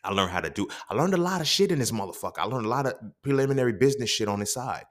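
A young man hosting a casual podcast monologue, swearing freely and acting out quoted dialogue in his stories. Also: very fast. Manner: profane, streetwise storytelling with quoted dialogue; animated, jumps up in pitch when quoting. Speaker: podcast host.

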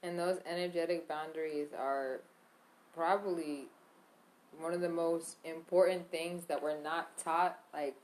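A woman's voice: low voice, fairly even intonation, measured pace, a little mellow. A woman in casual podcast chat, emphatic and heavy on swearing as she works through examples. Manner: profane, emphatic, talks through hypotheticals.

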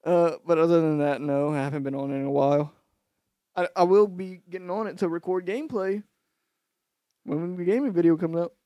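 A man's voice: fairly high pitch, fairly quick, dark tone, no echo, clean studio sound. A young man co-hosting a podcast, chatting casually in a laid-back, self-mocking way. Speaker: podcast co-host. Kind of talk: casual chat.

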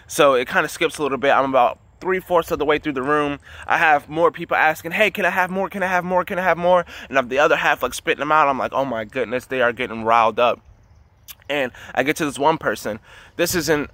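A man's voice: medium pitch, bright, forceful tone, dry recording. A man telling a long story in a casual, rambling way, with many fillers and restarts. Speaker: dream teller.

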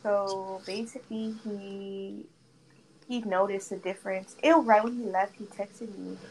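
A woman's voice: mid-range voice, a little slow. A young woman telling a friend a dramatic story in casual chat, full of "like" fillers and swearing. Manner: animated gossiping, heavy "like" fillers, frequent swearing. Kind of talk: casual chat while gaming. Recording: faint background noise.

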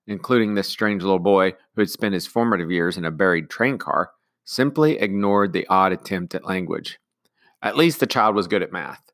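A man reading a novel aloud to students in a measured storytelling manner. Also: deep voice, a bit bright, no echo, clean studio sound.

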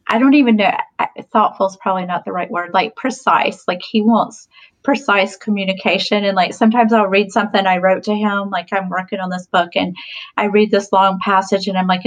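A woman's voice: medium pitch, steady tone, brisk, rough recording. A woman in her forties, a podcast guest telling stories in a casual chat, talkative with frequent laughs and fillers. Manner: chatty, laughs often, many fillers.

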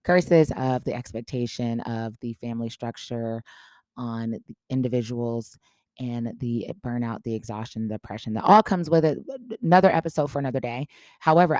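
Female podcast host, storyteller who acts out dialogue, low mellow voice, dry close sound. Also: no echo. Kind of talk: casual storytelling.

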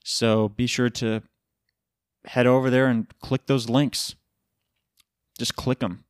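A man's voice: mid-range voice, little pitch movement, slow pace, clear, resonant tone, no room sound, studio quality. A tired man hosting his own podcast, rambling loosely through casual chat and swearing now and then. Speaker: podcast host.

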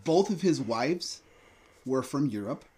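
A man co-hosting a casual podcast chat, animated and swearing freely. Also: medium pitch, slow pace, slightly rough. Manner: animated, swearing, laughs while talking. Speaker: podcast co-host.

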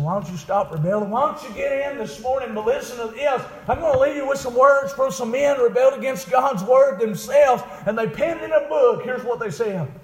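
A man preaches a fiery revival sermon, sinking into low murmurs before rising into shouted, drawn-out cries. The sound is reverberant.

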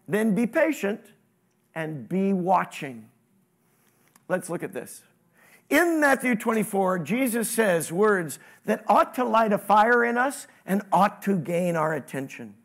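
A man preaching a sermon, with sudden rises in pitch and volume and questions to the congregation. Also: big pitch swings, measured pace, a bit bright. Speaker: pastor.

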